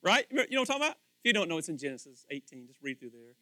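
A man preaching a casual sermon, animated and acting out little scenes with different voices. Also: on the high side, very fast, no room sound.

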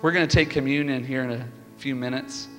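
A man preaching a sermon as pastor, telling stories with lively energy and building to fervent peaks. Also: medium pitch, fairly quick. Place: church sanctuary. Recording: reverberant hall with music behind.

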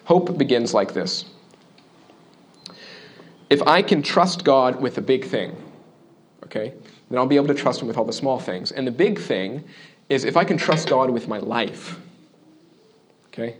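A man preaching a sermon in an earnest, conversational way, often checking in with the listeners and dropping into quiet asides between louder points. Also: expressive, measured pace, pauses often. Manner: shifts between loud emphasis and quiet, low asides. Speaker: pastor.

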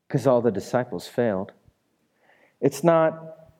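A man preaching a sermon who urges the congregation to respond and swings from loud, dramatic lines to hushed ones. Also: on the high side, big pitch swings, unhurried. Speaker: pastor.

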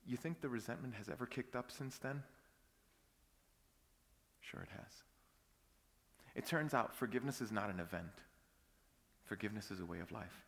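A pastor preaching a sermon, telling a personal story that swings from hushed whispers to loud outbursts. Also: male voice, on the low side, quick pace, in a large hall.

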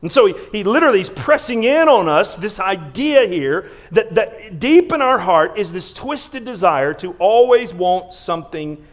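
A male pastor preaching a sermon in a church sanctuary. He preaches with emphasis, repeats and restarts words, and swings between loud stressed lines and quiet, hushed ones. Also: high-pitched, big pitch swings, moderate pace, hardly any pauses.

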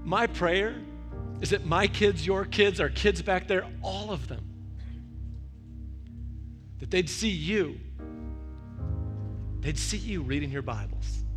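A male pastor preaching a verse-by-verse sermon, telling stories and acting out the voices he quotes. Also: fairly high pitch. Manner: animated storytelling with quoted voices.

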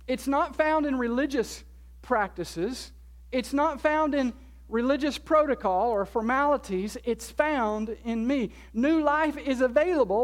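A pastor preaching a sermon, stressing key words by slowing down and repeating them, asking the congregation questions and answering them. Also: high voice.

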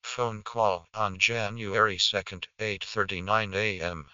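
Slow, flat voicemail announcer man. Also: on the low side. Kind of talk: automated announcement. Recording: dull, noisy lo-fi audio.

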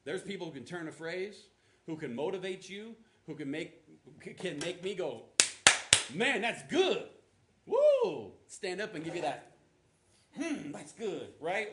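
A man's voice: a little high, a bit bright, roomy sound. A man preaching a sermon to a church congregation in a conversational way, with casual asides. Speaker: pastor. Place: church auditorium.

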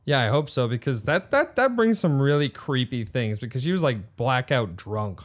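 Lively-voiced rambling man. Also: mid-range voice, normal speed. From Canada. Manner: chatty, rambling, restarts a lot. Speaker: podcast co-host. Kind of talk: casual movie riffing chat.

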